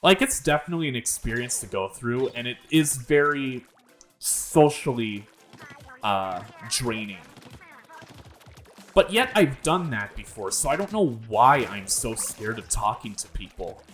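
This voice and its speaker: A man's voice: mid-range voice, expressive, unhurried, a bit bright, slight background noise. A young man hosting a gaming video, rambling in casual commentary full of fillers and swearing. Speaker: gaming channel host.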